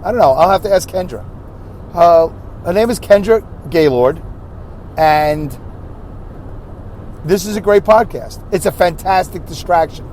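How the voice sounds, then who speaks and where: A man's voice: sits high, unhurried, long pauses, a little mellow, slight background noise. A man with a New York accent from Brooklyn, hosting a podcast in a rambling, chatty way, correcting himself and going off on asides. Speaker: podcast host. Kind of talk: casual solo podcast chat.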